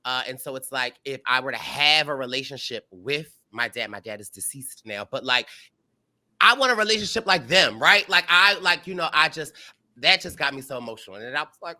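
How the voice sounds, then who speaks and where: A man with a very bright, sharp-edged voice co-hosts a casual recap chat. He is animated and heartfelt, laughs often and talks in bursts of fillers. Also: mid-range voice, fairly quick. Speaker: co-host.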